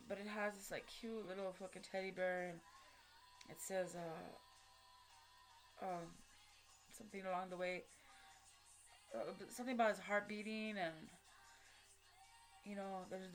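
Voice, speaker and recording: A woman telling a personal story to camera in casual street slang, swearing often and correcting herself as she goes. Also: medium pitch. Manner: rambling, frequent swearing and slang, many fillers and self-corrections.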